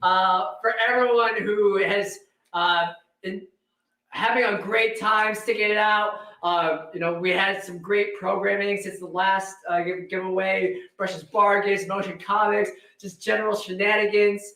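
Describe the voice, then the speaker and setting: Upbeat rambling co-host, echoey room. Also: male voice, sits high, steady tone, a little slow, pushed and bright. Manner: rambling, upbeat, with filler words. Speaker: co-host running giveaways. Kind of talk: livestream chat.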